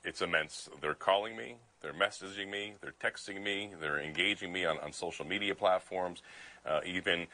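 A man's voice: low-pitched, moderate pace, pushed and bright, low-quality recording. A man from Pennsylvania, a state legislator in a remote news interview, talking in a fired-up, indignant way with many restarts.

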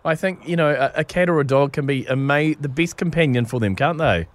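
A man's voice: on the high side, a little fast, no echo. A man with a New Zealand accent co-hosting a radio show, upbeat and laughing easily. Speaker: radio host. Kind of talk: radio banter.

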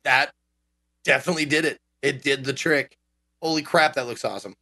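A man's voice: mid-range voice, a little fast, bright, forceful tone. A man co-hosting a casual podcast chat about games, eager and full of questions. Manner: eager, questioning, stumbles over words. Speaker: podcast co-host.

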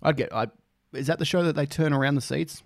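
A man's voice: a little high, fast, gravelly, no room sound, studio quality. An Australian man hosting a casual music reaction, rambling, swearing freely and joking at his own expense. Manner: rambling, swears freely, self-deprecating jokes.

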